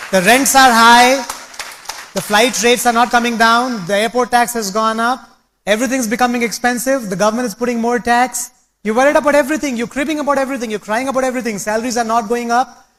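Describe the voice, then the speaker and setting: A man's voice: extremely high pitch, fairly bright tone. A man giving a rousing, preachy motivational talk, telling anecdotes to an audience. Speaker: speaker at a business meeting.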